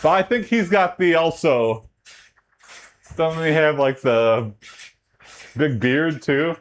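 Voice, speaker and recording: A man from Texas, chatting casually with his livestream chat during a workout. His talk rambles, and his voice jumps up in pitch when he gets excited. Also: slow. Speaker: streamer.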